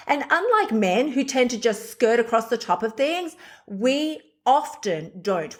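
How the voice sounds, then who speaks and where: A middle-aged woman hosting a podcast, speaking candidly and bluntly in a confessional solo monologue, swearing freely. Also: fairly high pitch. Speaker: podcast host.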